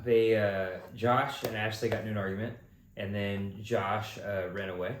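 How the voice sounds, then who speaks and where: A young man co-hosting a podcast, telling stories casually and animatedly, shooting his voice up when acting out shouts. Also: moderate pace. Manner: animated storyteller, jumps high when imitating shouts. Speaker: podcast co-host. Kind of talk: casual chat. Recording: echoey room with faint background noise.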